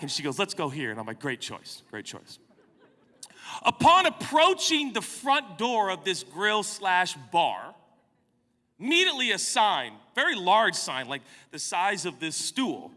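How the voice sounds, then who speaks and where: A man's voice: on the high side, bright, forceful tone. A man in his forties, a pastor telling a comic, self-mocking story during a sermon. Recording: long hall reverb.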